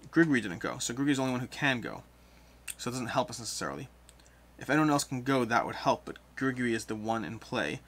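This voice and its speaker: A man's voice: medium pitch, fairly bright tone. A man hosting a board game playthrough, explaining each move and thinking aloud over the rules. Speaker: board game player and host.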